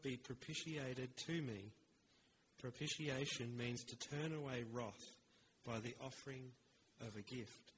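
A man preaching a sermon in an earnest, measured way, with rhetorical pauses. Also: mid-range voice, fairly bright tone, a little hiss or hum, rough recording.

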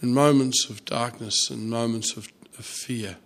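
A man preaching a sermon, telling a story softly with fillers and restarts. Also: medium pitch, steady tone, gravelly. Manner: storytelling, soft and halting with fillers.

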